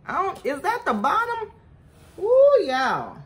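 A woman's voice: extremely high pitch, huge pitch swings, takes it slowly. A woman chatting to her viewers in a casual eating vlog, talking about her food as she eats. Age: adult with a son. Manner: chatty, keeps addressing viewers as y'all. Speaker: food vlogger.

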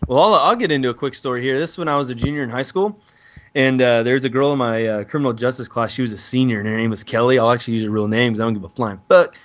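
Young dude talking fast, crude jokes, lots of swearing. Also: male voice, mid-range voice, lo-fi sound. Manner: crude, joking, swears freely. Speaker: podcast co-host. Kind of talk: crude casual storytelling.

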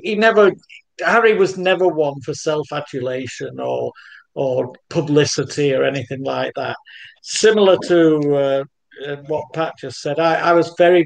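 Higher-voiced man recalling memories. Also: vocal fry. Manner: hesitant, repeats words. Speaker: football author and historian. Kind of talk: guest reminiscence.

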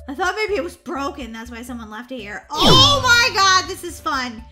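A woman voicing a bubbly, excitable young girl in a roleplay voiceover, full of squeals and giggly exclamations. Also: sits high, moderate pace, faint music behind, exaggerated voice. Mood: excited. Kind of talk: roleplay voiceover for a block-game video.

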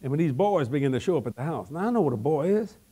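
An older man preaching an evangelism sermon, telling humorous stories in a folksy, animated way and often repeating words. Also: on the high side, fast, husky.

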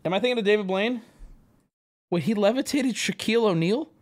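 A man hosting a live stream, reacting loudly to clips, swearing and laughing often as he talks to his chat. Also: sits high, brisk. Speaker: streamer host.

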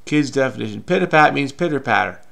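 Gravelly man frenetically solving crosswords. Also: medium pitch, lively intonation, quick pace, fairly bright tone. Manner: frenetic, muttering to himself. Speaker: crossword solver. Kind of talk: casual puzzle-solving commentary.

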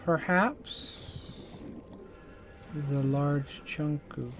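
A young man giving excitable, jokey let's play commentary and chatting to the creatures on screen. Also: on the high side, drawn-out words, noisy background. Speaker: gaming channel host. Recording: game music running underneath.

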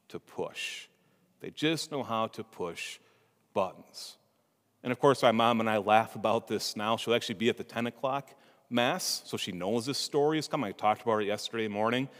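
A priest giving a homily, telling a humorous family story with asides to the congregation, in a church. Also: male voice, lowish voice, a bit bright. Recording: reverberant church hall.

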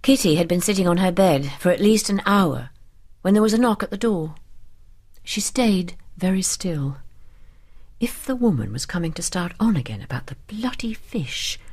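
A woman narrating an audiobook in a calm, measured bedtime reading style. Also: medium pitch, slightly rough.

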